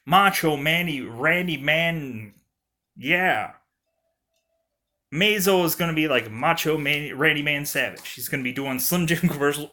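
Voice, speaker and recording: Slow, rambling young man giggling over a game. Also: on the high side, pushed and bright. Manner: rambling, giggly, full of filler words. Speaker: gaming commentator. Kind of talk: casual let's-play commentary.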